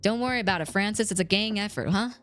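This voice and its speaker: A young adult woman streamer chatting casually with viewers, jumping between squeaky highs and mock-deep lows. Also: quick pace, fairly bright tone, faint music behind.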